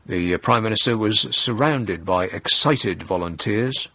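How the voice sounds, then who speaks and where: A man's voice: lowish voice, unhurried, sharp tone, no room sound. A man hosting a radio talk show, mocking and sarcastic in tone and chuckling at his own jokes. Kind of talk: sardonic talk radio monologue. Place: radio studio.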